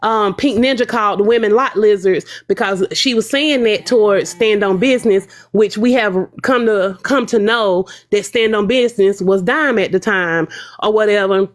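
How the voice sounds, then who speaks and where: A woman casually retelling livestream drama, animated and gossipy, slipping into the voices of the people she quotes. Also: medium pitch, moderate pace.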